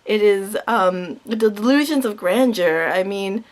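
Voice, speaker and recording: A woman's voice: mid-range voice, a little slow. A young woman vlogging a heated, sarcastic, profanity-heavy rant. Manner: heated, sarcastic, swears a lot.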